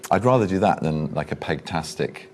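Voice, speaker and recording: A middle-aged British man with an English accent, answering interview questions in a loose, rambling way. His voice sits very low, and he pokes fun at himself with easy playfulness. A faint ambient hum runs underneath. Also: lively intonation, fairly quick, a little mellow. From England. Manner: playful, self-mocking, rambling storyteller. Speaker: guest actor. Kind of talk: casual interview chat.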